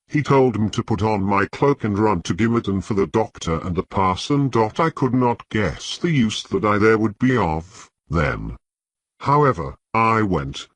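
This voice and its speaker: A man reads a classic novel aloud in scripted audiobook narration. His voice sits a little low, and the sound is dry with almost no room around it. He keeps an even, measured delivery throughout. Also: dry recording.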